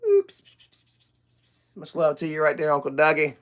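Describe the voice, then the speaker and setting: A man's voice: a little high, moderate pace, long pauses, fairly bright tone. A young man hosting a casual livestream chat, rambling, loose and profane, with lots of fillers. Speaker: livestream host.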